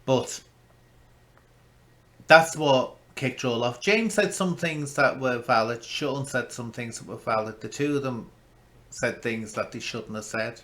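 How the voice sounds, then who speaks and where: A man commenting on an online feud in a casual, gossipy way, shifting between loud outbursts and hushed asides. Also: mid-range voice, a little slow.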